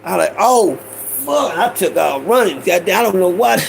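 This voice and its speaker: A middle-aged man spins street stories straight to his listeners in a high, gravelly voice. He talks loose and profane, and a faint ambient hiss sits under his voice. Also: fairly quick, rough recording. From Houston, Texas. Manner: animated, profane street slang, addresses listeners as y'all. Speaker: storyteller host. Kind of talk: casual storytelling monologue.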